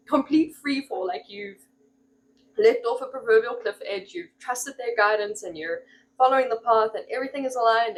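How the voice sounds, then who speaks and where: A woman's voice: a little high, rough recording. A woman talking casually on her own channel as a spiritual practitioner, rambling with fillers and laughing as she acts out little exclamations. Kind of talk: casual solo monologue.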